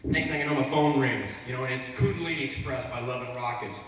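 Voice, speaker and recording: A man's voice: medium pitch, quick pace, fairly bright tone. Boisterous, swearing man in an echoing hall. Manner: profane, rambling, boisterous. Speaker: convention panelist. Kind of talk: animated anecdote at a fan panel. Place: large convention hall. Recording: echoey hall, distant mic, noisy.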